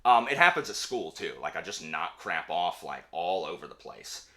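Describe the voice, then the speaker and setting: A young man hosting a casual chat with his wife, talking in an animated, ranting way with quick asides. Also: low voice. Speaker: channel host; teacher.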